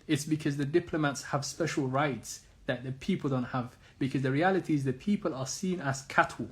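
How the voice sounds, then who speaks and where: A man's voice: mid-range voice, brisk, few pauses. A man giving an earnest monologue as an Islamic commentator, insistent and repeating phrases and rhetorical questions.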